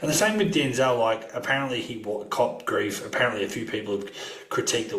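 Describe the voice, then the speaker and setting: A man's voice: on the low side, fairly quick, a bit bright. A man co-hosting a casual film podcast, talking in a rambling way with many fillers and restarts. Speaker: podcast co-host. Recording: roomy echo.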